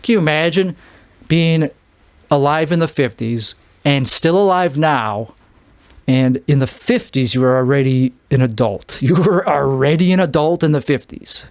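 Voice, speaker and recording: A man's voice: a little high, measured pace, no room sound. A man from Chicago with a Chicago accent, rambling through a solo podcast monologue, often restarting and trailing off. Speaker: podcast host.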